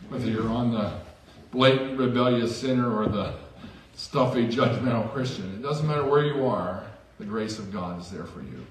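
A man's voice: medium pitch, normal speed, few pauses, distant mic, a little hiss or hum. A man preaching a sermon as pastor in a church, conversational with self-deprecating asides. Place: church sanctuary. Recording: echoey church hall from afar.

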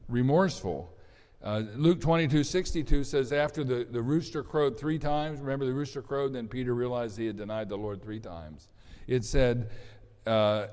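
A man's voice: mid-range voice, a little mellow, big-room sound. A man preaching a sermon in a conversational way, stopping and restarting often as he reads and explains scripture. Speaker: pastor.

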